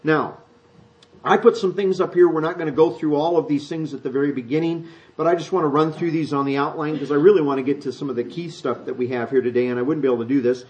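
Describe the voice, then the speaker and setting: A man preaching a sermon in a conversational way, walking listeners through slides, then rising high and loud when he acts out quoted speech. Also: steady tone, quick pace. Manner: conversational, explains slides to the congregation.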